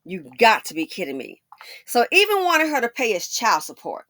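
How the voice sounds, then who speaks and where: Sassy, lively woman giving commentary. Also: on the high side, normal speed, dry recording, clean studio sound. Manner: sassy, emphatic, mocking asides. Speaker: commentary channel host. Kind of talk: opinionated celebrity commentary.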